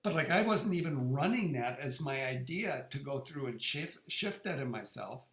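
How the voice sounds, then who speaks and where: Sharing his own experience in a relaxed, conversational way, this middle-aged presenter keeps repeating words and starting sentences over. He has a medium-pitched, expressive, fairly bright voice at normal speed, recorded in an echoey room.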